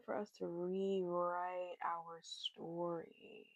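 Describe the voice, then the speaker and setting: Woman card reader, unhurried and low, gentle earnest spiritual guidance, dull dry lo-fi recording. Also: fairly even intonation, gravelly, dry recording. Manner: gentle, repetitive, earnest encouragement. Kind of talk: oracle card reading, encouraging message.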